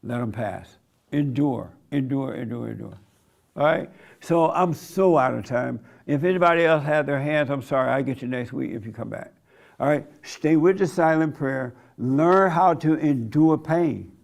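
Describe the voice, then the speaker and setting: Gravelly, blunt male preacher. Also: medium pitch, moderate pace. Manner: blunt, conversational, folksy. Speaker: preacher and host. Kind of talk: informal sermon with storytelling.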